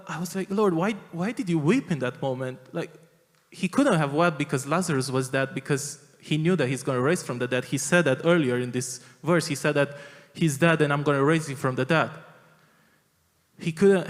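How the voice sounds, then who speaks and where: A man's voice: on the high side, in a large hall. A man preaching a sermon in a church, earnest and emphatic, often restarting his phrases. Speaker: pastor. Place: large church hall.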